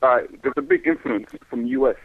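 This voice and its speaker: A nineteen-year-old man from London with a London accent, calling a radio show, talking quickly and excitedly. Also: husky, no room sound. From London, England. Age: teens. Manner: excitable, quick, with laughs and rising pitch. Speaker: caller. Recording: muffled phone line.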